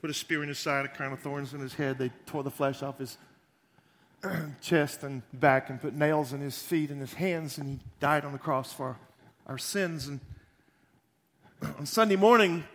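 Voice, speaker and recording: A pastor giving a sermon, retelling scripture in a folksy, animated way with joking asides. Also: male voice, medium pitch, normal speed.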